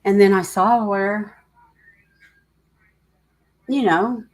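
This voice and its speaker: A woman's voice: mid-range voice, fairly even intonation, extremely slow, darkish tone, poor audio. A middle-aged woman hosting a casual livestream chat, talking in a rambling, emotional way and greeting viewers by name. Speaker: livestream host.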